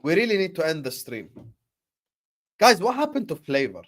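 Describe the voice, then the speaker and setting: A man hosting a football watchalong stream, bantering with chat and breaking into loud bursts when the match heats up. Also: sits high, huge pitch swings, normal speed, no echo, clean studio sound. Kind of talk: casual live-stream chat with match commentary.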